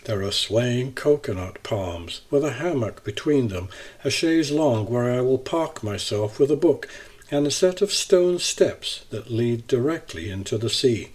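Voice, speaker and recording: A man narrating a first-person travel essay in a measured, even reading style. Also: medium pitch, slightly rough.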